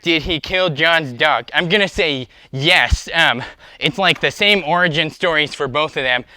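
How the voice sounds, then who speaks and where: A young man chats through his skateboarding livestream with a bright, tense voice pitched a little high. He rambles, full of fillers, upbeat and a bit out of breath. The sound is dry and close. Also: measured pace, no room sound. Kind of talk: casual livestream chat while skateboarding. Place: outdoors skating.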